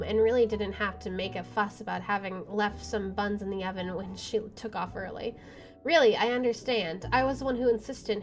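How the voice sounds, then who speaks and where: A woman streamer reading a visual novel aloud, with wry asides and swearing. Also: a little high. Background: game music.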